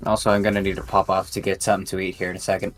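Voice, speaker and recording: A man's voice: low-pitched, flat delivery, very fast, faint music behind. A laid-back man chatting casually in a stream voice chat.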